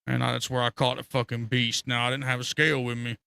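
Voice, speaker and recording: A man's voice: mid-range voice, quick pace, vocal fry, clean tone. A man telling rambling, profane fishing stories on a casual live stream. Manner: rambling, profane, animated storytelling with laughter.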